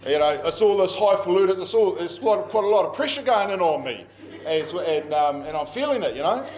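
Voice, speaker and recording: A middle-aged pastor with a New Zealand accent delivers a sermon in a relaxed, conversational way, often laughing at his own stories. His voice sits a little high for a man. The sound carries the echo of a large room. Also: a little fast. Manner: conversational storytelling, laughs at himself. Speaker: pastor and school principal. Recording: echoey room.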